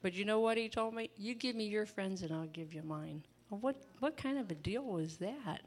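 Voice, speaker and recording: A woman's voice: medium pitch, animated, normal speed, darkish tone. A woman preaching an informal sermon in a chatty, folksy way, laughing often and breaking into asides.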